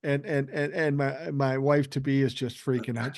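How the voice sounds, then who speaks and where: An older man casually telling profane, animated stories as a guest on a podcast. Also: medium pitch, moderate pace, no echo, clean studio sound. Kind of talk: casual storytelling chat.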